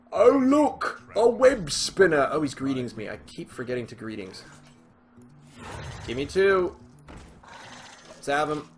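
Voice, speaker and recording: Rambling, excitable man narrating gameplay. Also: medium pitch. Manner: chatty and rambling, with sudden excited exclamations. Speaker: gaming channel host. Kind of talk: casual commentary while playing a card game. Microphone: desk microphone with webcam.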